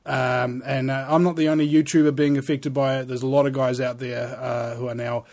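A man's voice: medium pitch, flat delivery, brisk, gravelly, a little mellow. A man hosting a talk radio show, speaking in a rambling, earnest monologue with many fillers.

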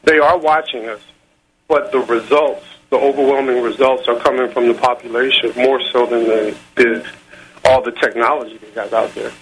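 A man calling in to a talk radio show, speaking in a polite, hesitant and halting way. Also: mid-range voice, steady tone, fairly bright tone, slight background noise, low-quality recording. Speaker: caller. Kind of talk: phone-in call.

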